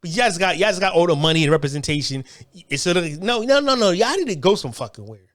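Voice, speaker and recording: Man ranting about politics, high-pitched, very animated, profane, stumbling restarts. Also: quick pace. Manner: heated, profane, repetitive restarts. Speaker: online commentator. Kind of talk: political rant monologue.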